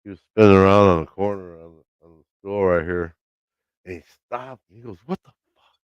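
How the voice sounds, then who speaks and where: A man with a very low, smooth voice chats on a live stream from his home. He tells a story loosely, swears freely and acts out what people said. The sound is close and dry but a bit dull. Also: brisk, dry recording. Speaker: livestream host. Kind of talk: casual live-stream chat. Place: home, by his laundry room.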